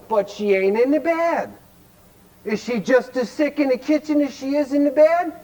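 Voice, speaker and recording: On a low-quality recording, a man from Cleveland, Ohio talks at a moderate pace in a very high voice with a dark tone. His recovery workshop talk is folksy and blunt, and he quizzes the audience with constant rhetorical questions.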